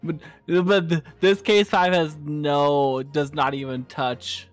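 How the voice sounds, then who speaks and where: A man joining a game stream as a guest, chatting casually with quick asides and easy laughter. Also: a little high, flat delivery, soft background music.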